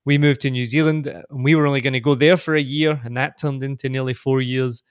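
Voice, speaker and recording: A man in his thirties from Glasgow with a soft Scottish accent, chatting as a guest on a podcast. He talks in an upbeat way, laughs often and repeats words as he starts sentences. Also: medium pitch, fairly even intonation, brisk, smooth, no echo, studio quality. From Scotland. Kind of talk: casual interview chat.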